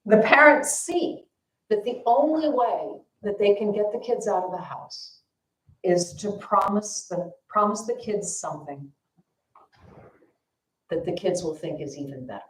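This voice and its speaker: A woman dharma teacher tells a story at a family service in a casual, self-deprecating way, with easy fillers. Her pitch sits in the middle. The sound rings in an echoey temple hall. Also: expressive, a little slow.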